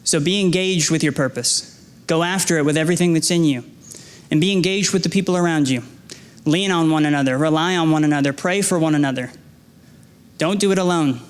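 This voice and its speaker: A man's voice: fairly high pitch, a little fast, clear, resonant tone. A young adult man preaching a sermon as a guest speaker, earnest and exhorting, with repeated phrases, stammered restarts and self-deprecating stories. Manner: restarts and stammers when emphasizing. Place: church sanctuary.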